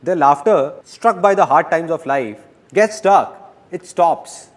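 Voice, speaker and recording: A man giving a dubbed motivational seminar talk, speaking to the audience in an animated and playful way. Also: fairly high pitch, takes it slowly.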